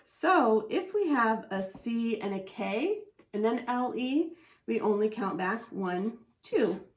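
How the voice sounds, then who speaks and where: A woman's voice: a little high, animated, slow pace. A woman teaching a phonics lesson, patiently sounding out letters and syllables as she explains a chart. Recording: echoey room.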